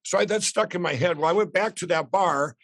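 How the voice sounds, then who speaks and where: High-voiced man. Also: brisk, no echo. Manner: rambling, excited storytelling with restarts. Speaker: guest. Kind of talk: storytelling in a podcast interview.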